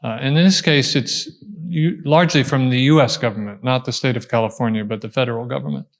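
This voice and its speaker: A man answering an audience question at a talk, explaining step by step, pausing and restarting as he thinks. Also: mid-range voice. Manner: thoughtful, explaining step by step with frequent pauses and restarts.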